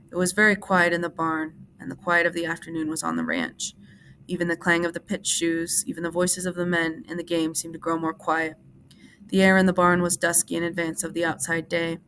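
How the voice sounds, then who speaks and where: A woman teacher reading a novel aloud to a class in a steady, measured narrating voice. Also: on the low side, gravelly, a little hiss or hum. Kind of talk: audiobook-style reading for class.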